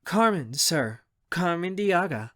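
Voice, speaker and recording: A man's voice: fairly high pitch, moderate pace, clean tone, voice pushed up, natural voice. Man doing a friendly young woman, eager to please, slightly raised, audiobook. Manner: friendly, eager, a bit suck-up.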